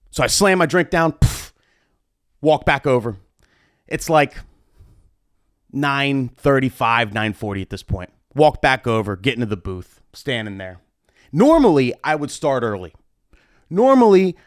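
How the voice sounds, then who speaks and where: A man, a wedding DJ and show host, telling a story in a chatty, animated, profane way into a studio mic. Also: mid-range voice, dry recording. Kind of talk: storytime monologue. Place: home streaming setup. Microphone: studio mic on boom arm. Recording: dry close studio mic.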